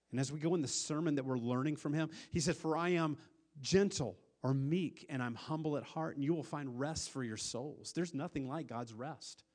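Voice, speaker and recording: A pastor preaching a sermon, earnest, with a voice that swells louder and then drops to a hush, often repeating words as he restarts. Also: medium pitch. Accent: Upper Midwest American.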